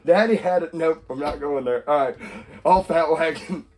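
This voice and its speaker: A man's voice: fairly high pitch, normal speed, darkish tone. A young man co-hosting a casual podcast chat, rambling, laughing often and acting out quotes in silly voices. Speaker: podcast co-host.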